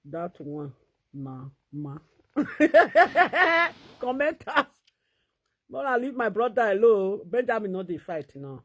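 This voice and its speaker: A woman with a Nigerian Pidgin accent, talking in an animated, laughing vlog commentary. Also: mid-range voice, slow, pauses often. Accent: Nigerian Pidgin English. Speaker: vlogger.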